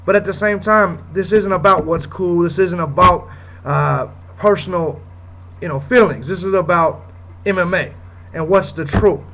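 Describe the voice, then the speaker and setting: A man hosting his own show launches into a heated, profane rant, blunt and repetitive, swearing often and repeating "you know what I'm saying." His voice sits high, bright and forceful, in a low-quality recording.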